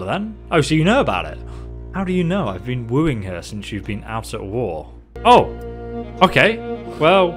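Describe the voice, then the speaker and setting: An excitable man banters with the characters on screen as he records a playthrough. His voice swoops lively from high to low, and a faint soundtrack plays quietly underneath. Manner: joking, excitable, talks to game characters. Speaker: gaming YouTuber. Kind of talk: let's-play commentary.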